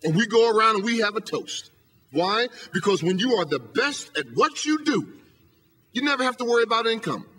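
Man giving a podium motivational talk, high and bright, emphatic, rhetorical. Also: very animated, a little fast. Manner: emphatic, hammering rhetorical questions. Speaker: motivational speaker and professor. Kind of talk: motivational speech. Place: lecture hall podium.

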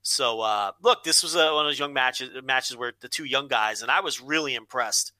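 A man's voice: mid-range voice, normal speed, sharp tone, no room sound. A man co-hosting a casual wrestling podcast, blunt and opinionated, swearing freely. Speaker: podcast co-host.

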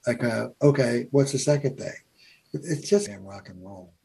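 Gravelly, dark-voiced male storyteller. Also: mid-range voice, normal speed. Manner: animated storyteller, many fillers. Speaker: family therapist, guest. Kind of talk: storytelling in a podcast conversation.

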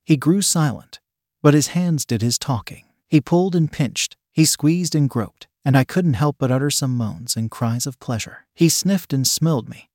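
A man narrates an erotic audio story in a plain first-person reading. His voice sits at an ordinary middle pitch, and the recording is dry and close with no room sound. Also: moderate pace, a little mellow, no room sound.

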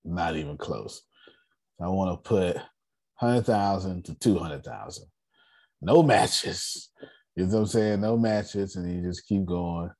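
Husky man teaching over a video call. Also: low voice, a little slow. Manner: animated, talks straight to the group, slangy. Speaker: finance class host.

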